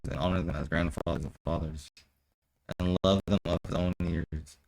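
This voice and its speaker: A man's voice: low-pitched, creaky, a little hiss or hum, rough recording. A young man reading an old scripture aloud, stumbling over the archaic wording and breaking off into loose, profane slang commentary. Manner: reads archaic text haltingly, then riffs in loose profane slang.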